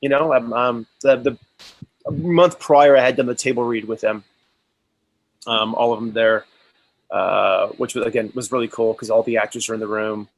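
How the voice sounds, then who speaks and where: A man of middle pitch, telling stories as an interview guest. He talks with eager energy and often restarts his sentences. The room is dry, with no echo at all. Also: fairly even intonation, moderate pace. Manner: enthusiastic storytelling, many restarts. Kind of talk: casual interview chat.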